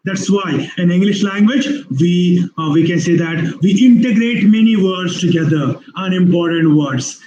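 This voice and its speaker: Man, university lecturer, high voice, mellow tone, repeats phrases, webinar, echoey room. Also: muffled recording, slight background noise. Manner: explanatory, repeats phrases, many restarts; drawn-out spoken examples.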